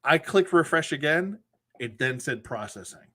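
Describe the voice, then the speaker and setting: A man's voice: on the high side, expressive, normal speed, pushed and bright. A man hosting a collectors' show, telling a frustrating customer service story in a casual, exasperated way with acted quotes. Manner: exasperated, retells phone calls in acted quotes.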